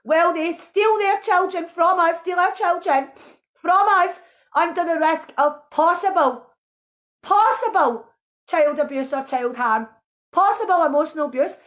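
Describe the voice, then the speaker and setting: A woman with a very high voice rants with raw emotion. She accuses and pleads in turn, her voice strained with feeling. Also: a little slow, a bit bright. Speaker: protesting mother. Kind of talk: impassioned video rant.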